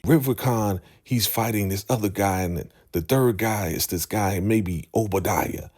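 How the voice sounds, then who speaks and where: A man voicing a pushy male henchman who insists it is time to attack, speaking in a low, husky, lively voice. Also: a little slow. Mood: insistent. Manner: insistent, urging.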